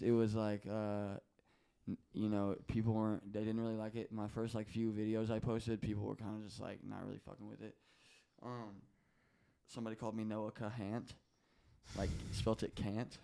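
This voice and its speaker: A young man with a low, gravelly voice talks loosely as a podcast guest. His words come out smooth and clear. He is animated, curses freely and slips into other people's voices as he tells his story. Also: moderate pace. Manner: animated, swears often, acts out quoted voices. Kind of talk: casual storytelling interview.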